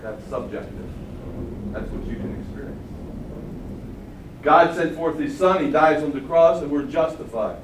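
An older man preaching a sermon, swinging from loud exclamations to quiet asides. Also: medium pitch. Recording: roomy sound from far off the mic, faint hum.

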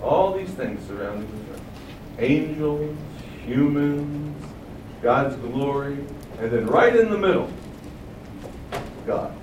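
Man preaching, high voice, animated, roomy echo, mic set back. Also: takes it slowly, long pauses, far from the mic, noisy background. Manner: animated, rhetorical questions, booming quoted acclamations. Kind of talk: sermon.

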